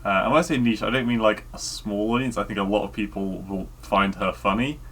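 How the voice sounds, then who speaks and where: A man co-hosting a casual podcast chat, talking hesitantly with many pauses and fillers. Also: on the low side, fairly even intonation, a bit bright. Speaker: podcast co-host.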